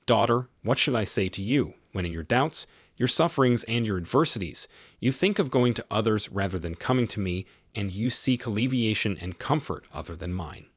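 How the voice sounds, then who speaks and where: A man voicing Jesus as a gentle, reproachful divine speaker, reading tenderly in a low voice. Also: animated, moderate pace, no room sound, studio quality.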